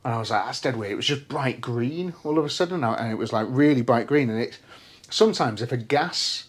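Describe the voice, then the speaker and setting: A man's voice: mid-range voice, a little fast. A young man co-hosting a podcast, telling a story in casual chat, swearing freely and acting out what people said. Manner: animated storyteller, swears freely, acts out quoted speech. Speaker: podcast co-host.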